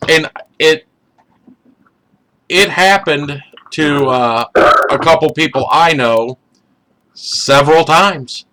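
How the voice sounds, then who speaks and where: A man's voice: a little high, takes it slowly, pauses often, heavy background noise. A man on a podcast chatting casually, with many hesitant fillers and wry asides. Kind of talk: casual chat.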